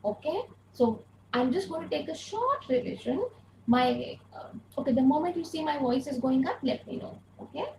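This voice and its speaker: A woman's voice: sits high, expressive, normal speed, darkish tone, echoey room, a little hiss or hum, low-quality recording. A woman teaching an online grammar lesson, patiently repeating key points and asking rhetorical questions, speaking through an earphone mic. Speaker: English teacher.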